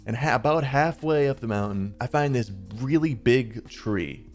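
A man's voice: medium pitch, moderate pace, a little mellow, soft background music. A man in his twenties, the channel's host, telling a personal story in a chatty, rambling way over gameplay. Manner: chatty, rambling, peppered with "like" and "dude".

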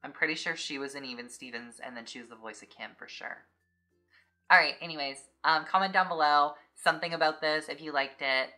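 A woman's voice: low voice, fairly quick, bright, forceful tone, faint music behind. A young adult woman hosting a casual unboxing vlog, chatty and filling her speech with "like". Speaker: YouTube host.

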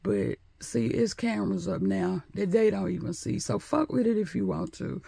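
A man's voice: high voice, expressive, moderate pace, gravelly, warm tone, breathy edge, dry recording. A man chatting sassily and profanely to his phone while walking through a store at night. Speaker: vlogger. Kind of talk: casual vlog chat.

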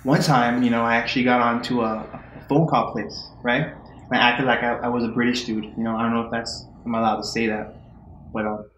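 Talk show guest: mid-pitched man, meandering and unsure, echoey studio with faint hum behind him. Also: fairly even intonation, brisk, a bit bright, highs cut off. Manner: rambling, hesitant, full of "you know" and "um". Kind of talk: comic interview. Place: studio with live audience.

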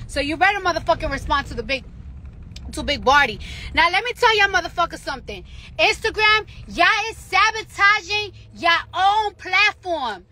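A woman's voice: very high-pitched, animated, normal speed, bright, forceful tone, dry recording. A woman, ranting on a live stream from her phone in a car, profane and emphatic, hammering the same points over and over. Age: late 20s. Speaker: celebrity livestreamer.

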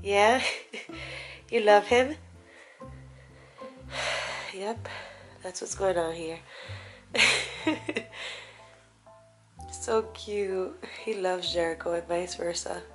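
A woman's voice: medium pitch, drawn-out words, pauses often, music in the background, rough recording. A woman filming a casual home vlog on a handheld camera, chatting to viewers and coaxing her dogs. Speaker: vlogger. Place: home, indoors and out in the yard.

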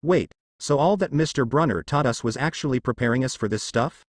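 A man voicing a cocky teenage boy, talking in a smug, deadpan way. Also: mid-range voice, a little fast, no echo, clean studio sound, natural voice.

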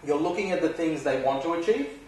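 A man's voice: a little high, animated, a little fast, a little mellow, distant mic. Man lecturing in a very echoey hall. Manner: conversational, asks the audience rhetorical questions. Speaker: sports physiotherapy lecturer. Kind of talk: recorded university lecture.

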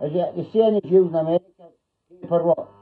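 A man's voice: fairly high pitch, quick pace. A middle-aged Scottish man chatting on a livestream in a rambling, blunt way, swearing freely. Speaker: livestream host. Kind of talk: casual rambling chat. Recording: tinny phone-like sound.

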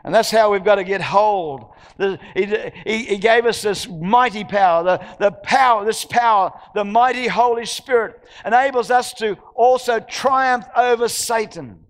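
A male pastor with a very high voice preaches with fervor, repeating his phrases and throwing questions out to the congregation. His voice rings through a church hall with a long reverb tail. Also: measured pace, few pauses. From Australia. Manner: emphatic preaching with repetitions and rhetorical questions. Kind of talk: sermon.

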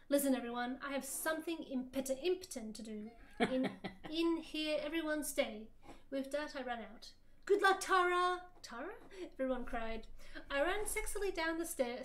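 A woman's voice: high-pitched, animated, normal speed. A woman guest on a livestream reading fan fiction aloud in a mock-dramatic way, often laughing. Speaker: guest co-streamer.

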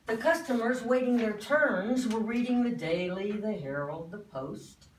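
A woman performing a monologue as a dramatic poetry recitation, with measured, theatrical storytelling. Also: medium pitch, roomy sound, distant mic, slight background noise.

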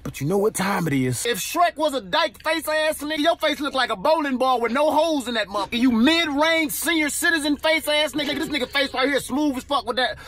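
Comic roaster, man, high and bright voice, rapid crude insults. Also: lively intonation, a little hiss or hum. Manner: rapid-fire crude jokes. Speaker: comedian roasting the hosts.

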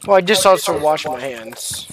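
A man's voice: a little high, expressive, moderate pace, a crowd in the background, poor audio. A young man chatting with his teammates during a match, teasing them and laughing easily. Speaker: college esports player. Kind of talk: casual team chat during a game. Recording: game music behind the voice.

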